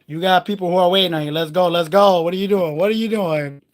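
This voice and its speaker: A man's voice: high-pitched, fast, natural voice. A man voicing an impatient male lion that pushes him to hurry, pushy and repeating himself.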